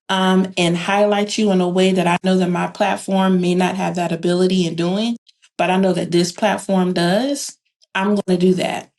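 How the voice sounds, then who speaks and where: A woman guest on a podcast chatting casually and telling stories, acting out quoted dialogue with animation. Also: mid-range voice. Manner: animated storyteller who acts out quoted dialogue. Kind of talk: casual chat.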